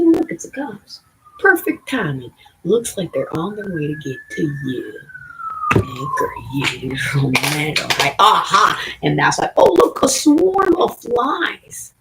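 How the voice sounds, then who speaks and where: A livestreamer from the Southern United States with a Southern accent, rambling in a profane, excitable way and jumping between topics, with a gravelly, raspy voice. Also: medium pitch, slight background noise, poor audio. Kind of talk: rambling live stream chat.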